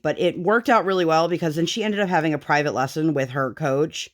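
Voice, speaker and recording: A woman's voice: low-pitched, expressive, moderate pace. A woman vlogger and mother chatting casually while crafting, telling rambling stories full of fillers. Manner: rambling storytelling, many fillers.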